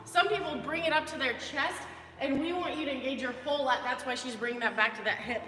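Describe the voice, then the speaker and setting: A woman's voice: high voice, fast, pushed and bright, big-room sound, slight background noise. A woman fitness coach giving upbeat, chatty movement cues during a live workout.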